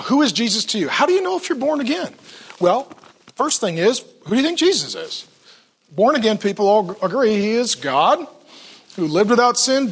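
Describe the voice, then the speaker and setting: A man's voice: high-pitched, a bit bright, slightly rough. A man preaching a sermon as pastor in a church, telling stories with playful acted-out quotes.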